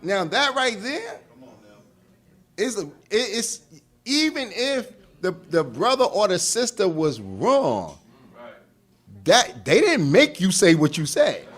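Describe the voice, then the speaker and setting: Man, lively up-and-down voice, pitched a bit high, casual lecturing, laughs a lot, acts out quarrels. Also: slow. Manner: asks the room for agreement. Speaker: relationship class leader.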